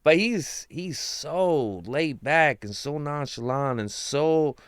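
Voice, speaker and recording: A man talks through his team's chances in a casual, rambling, slangy way that swings between excitement and hushed asides. His voice is smooth and resonant. The recording is close and dry, with almost no room sound. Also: fairly high pitch, slow pace, dry recording. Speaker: sports commentator. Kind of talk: casual fan commentary.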